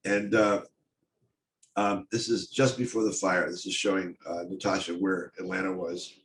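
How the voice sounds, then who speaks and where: An older man giving a personal storytelling talk on stage, speaking in a halting, intense way with many restarts. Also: on the low side, steady tone. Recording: echoey room, faint noise.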